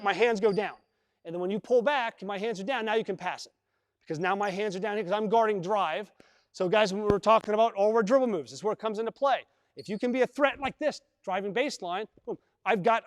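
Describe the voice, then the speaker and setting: High-voiced coach in an echoing gym. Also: male voice, studio quality. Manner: repeats words, demonstrates with players. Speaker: basketball coach. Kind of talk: live coaching clinic on court. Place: large indoor gym. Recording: long reverb in a gym hall.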